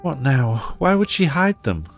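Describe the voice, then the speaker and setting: A man voicing an anxious middle-aged mother, raising his pitch and sounding fretful. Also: very animated, measured pace, soft background music.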